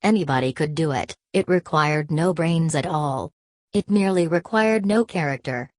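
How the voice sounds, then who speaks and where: Low-voiced woman reading a novel. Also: normal speed, a little mellow, no echo. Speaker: audiobook narrator. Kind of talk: scripted narration.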